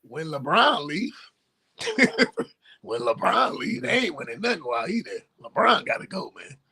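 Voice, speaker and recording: A man's voice: a little high, sing-song, moderate pace, vocal fry, bright, forceful tone, breathy edge. A man co-hosting a sports talk show, teasing his partner and laughing as he boasts about his predictions.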